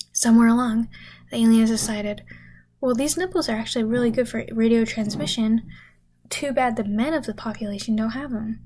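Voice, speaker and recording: A young woman telling an absurd comedic story in a deadpan, rambling, half-whispered way, with lots of swearing. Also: a little high, breathy edge. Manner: deadpan rambling, many swear words and 'freaking'. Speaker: content creator.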